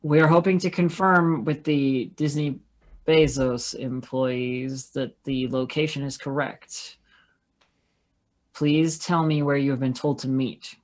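A tabletop player voicing a formal security agent in a put-on Russian accent, speaking stiffly and a little low. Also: fairly even intonation, slow pace, close to an everyday voice.

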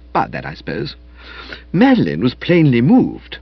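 A man's voice: medium pitch, moderate pace, creaky, husky, no room sound. A man giving wry, theatrical first-person comic narration for an audiobook, on a dry, slightly muffled recording. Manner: wry, lively, theatrical storytelling.

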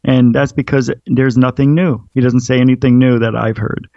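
A man's voice: medium pitch, level tone, normal speed, warm tone, no room sound, dull audio. A man who hosts a paranormal radio show, chatting as an interview guest and telling rambling stories with lots of fillers. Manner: rambling storyteller with frequent fillers. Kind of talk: casual interview chat.

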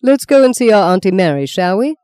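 A woman reading the part of a charming, guarded male priest who answers wryly and gently protests. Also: medium pitch, big pitch swings, brisk, dry recording, voice pushed up, lightly acted. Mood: gentle.

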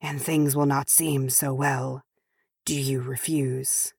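Sinister male messenger of a dark lord, voiced by a woman, soft, slow, curling menace, storybook. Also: low-pitched, no room sound, clean studio sound. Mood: menacing.

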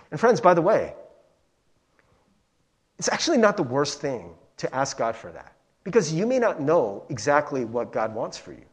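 Husky, animated male pastor. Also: a little high, normal speed. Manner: animated, joking, addresses listeners as friends and guys. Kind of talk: conversational sermon.

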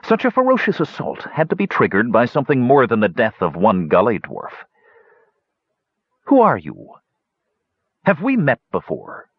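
A man voicing a cruel hunchbacked male dwarf savant, silky, mocking and sinister, with a husky voice. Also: mid-range voice, wildly swooping pitch, normal speed, pauses often, dry recording, muffled recording, pitched above the performer's own voice, exaggerated voice.

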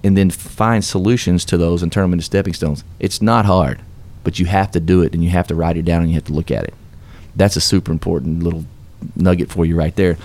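This deep, darkish male voice stays steady and moves fast with few pauses. He's a radio guest recounting how he succeeded, earnest and upbeat with preacher-style emphasis, in a motivational interview.

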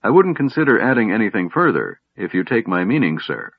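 A man's voice: on the low side, big pitch swings, fairly quick, breathy edge, no echo, full character voice. A man voicing a weary, grieving middle-aged ship captain who speaks bitterly. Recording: dull, lo-fi, dry sound.

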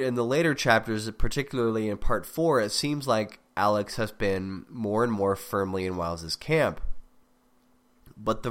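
A man with a somewhat low voice and a slightly sick sound talks through a story critique in a loose, rambling way. He interrupts himself and tosses in dry, wry asides as a podcast host. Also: a bit bright. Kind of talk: casual spoken critique.

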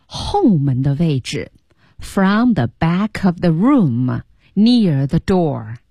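A woman teaches English over the radio, walking through a story and playfully imitating the sounds in it. Her speech swings widely in pitch and carries a husky edge, recorded dry and close. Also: no echo. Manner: animated, explains words with playful sound imitations. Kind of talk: bilingual English lesson explaining a story.

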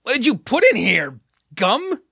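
A man voicing a wheezing police sergeant in an audiobook, raising his voice high and coughing between words. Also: huge pitch swings, measured pace, creaky, bright, forceful tone, husky, dry recording, studio quality, heavily acted. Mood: pained.

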